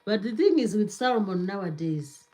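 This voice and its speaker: A woman's voice: mid-range voice, very animated, moderate pace, dark tone, low-quality recording. A woman hosting a cooking channel, chatting casually on a live stream, reading viewer comments aloud and laughing often as she repeats herself.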